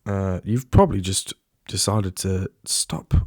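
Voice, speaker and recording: Rambling low-voiced man, dry sound. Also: unhurried, no room sound. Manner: rambling, with frequent restarts and asides. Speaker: podcast host. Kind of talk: casual solo podcast chat.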